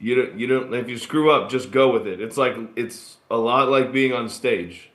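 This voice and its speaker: A man's voice: mid-range voice, normal speed. Laid-back guy telling long stories on a podcast, echoey room. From born in Australia, grew up in Texas. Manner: relaxed, rambling storyteller with fillers. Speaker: guest actor. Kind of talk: casual interview storytelling. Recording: roomy echo.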